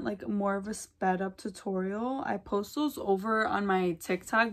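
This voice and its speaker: Gushing, slangy young woman chatting through makeup. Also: medium pitch. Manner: gushing, gossipy, slangy, lots of "like". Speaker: beauty vlogger. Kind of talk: casual chat during a makeup tutorial.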